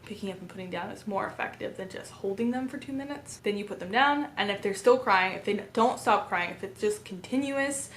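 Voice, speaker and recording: Calm woman explaining baby sleep steps. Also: mid-range voice, fairly quick, hardly any pauses, a little hiss or hum. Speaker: parenting educator. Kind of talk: instructional talk to camera.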